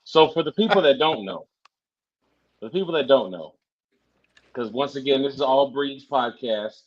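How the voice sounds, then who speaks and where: A man co-hosting a casual podcast over a dull, lo-fi line. He repeats phrases as he gets his point across. His pitch sits right in the middle for a man. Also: lively intonation, normal speed. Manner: repeats himself as he talks.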